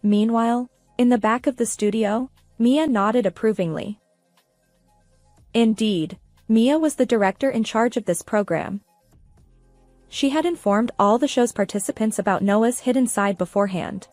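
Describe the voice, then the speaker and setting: A woman narrating a first-person revenge story in a steady, even manner. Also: a little high, moderate pace, no room sound, soft background music.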